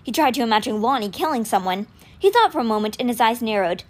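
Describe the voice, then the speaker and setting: Brief: a woman reading a novel aloud, expressive storytelling with a lively and slightly high pitch. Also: fast talker. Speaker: audiobook reader.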